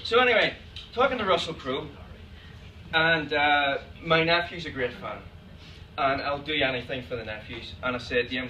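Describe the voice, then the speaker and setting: A man's voice: fairly high pitch, moderate pace, sharp tone. An Irish man, a photographer, telling funny anecdotes to an audience, laughing often. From Ireland. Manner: chatty, laughs often, acts out quoted exchanges. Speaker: photographer giving a talk. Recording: echoey room, distant mic, noisy.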